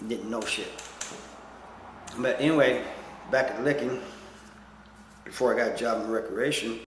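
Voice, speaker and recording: Rambling low-voiced man, echoey room. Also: a little hiss or hum. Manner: rambling, plain-spoken with many "you know" fillers; folksy, self-deprecating. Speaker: storyteller. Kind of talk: casual storytelling.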